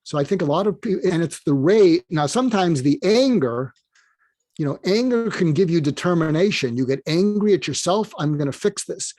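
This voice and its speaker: Man, podcast guest, fairly high voice, earnest advice, dry close sound. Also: lively intonation, normal speed, darkish tone, no echo. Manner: earnest, speaks straight to listeners. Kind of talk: giving advice in an interview.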